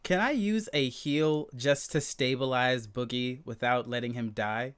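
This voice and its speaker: A man's voice: medium pitch, measured pace, clear, resonant tone. A man playing a tabletop game, joking around and thinking aloud with hesitations. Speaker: player.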